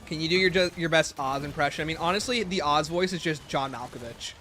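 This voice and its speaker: A young man streams a zombie shooter, casually chatting, rambling and joking with his viewers in loose livestream commentary. His voice sits on the high side, fast, pushed and bright, with slight background noise behind it.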